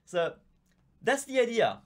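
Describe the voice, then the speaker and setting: A man's voice: very high voice, sing-song, unhurried. A man with an Italian accent, a native Italian teacher giving a live online Q&A lesson, explaining patiently and chatting as he reads out viewer comments on a visible microphone. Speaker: language teacher.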